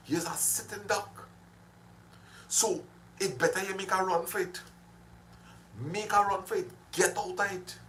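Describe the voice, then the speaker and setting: A man's voice: a little high, a bit bright, slight background noise, low-quality recording. A man giving a motivational live-stream talk to viewers, preaching and repeating his points for emphasis. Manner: preachy, repetitive exhortations.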